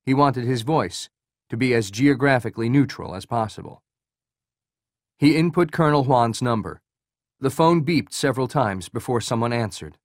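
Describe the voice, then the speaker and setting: Man, audiobook narrator, even measured reading, dry close sound, mid pitch. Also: no echo. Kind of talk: scripted thriller narration.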